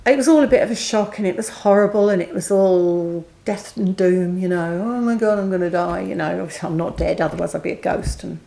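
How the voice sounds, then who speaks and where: A woman's voice: fairly low pitch, a little fast, gravelly, hardly any pauses, warm tone. A middle-aged woman, co-hosting a casual chat and telling a personal story candidly, acting out the voices of people she quotes. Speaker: co-host.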